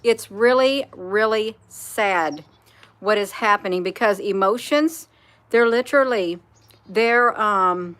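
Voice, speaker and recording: A woman's voice: medium pitch, slow, a bit bright. A woman talking earnestly on a live stream, repeating herself for emphasis and reading viewer comments aloud. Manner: repetitive, earnest, reads chat comments aloud. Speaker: spiritual vlogger.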